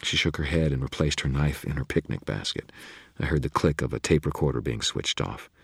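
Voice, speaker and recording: A man reads a first-person novel in a wry, clipped way with an extremely deep voice. The tone is husky and the recording is dry and close, with no room sound. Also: lively intonation, a little fast, fairly bright tone, dry recording. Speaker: audiobook narrator.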